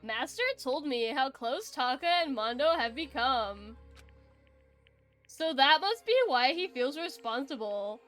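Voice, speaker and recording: A woman voicing a soft, polite female AI program that speaks in a formal, analytical way while reading game dialogue aloud. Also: high voice, lively intonation, a little slow, soft background music. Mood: earnest.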